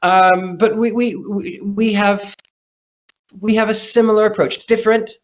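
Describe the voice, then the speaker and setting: Chatty higher-voiced man, lo-fi call. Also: flat delivery, normal speed. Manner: chatty storyteller, frequent restarts. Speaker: guest psychic. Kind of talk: casual interview chat.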